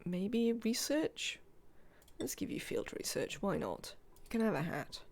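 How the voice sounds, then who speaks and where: Lively, gravelly-voiced game streamer. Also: medium pitch, unhurried. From United Kingdom. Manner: chatty, thinking aloud and talking to game characters. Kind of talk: let's-play commentary.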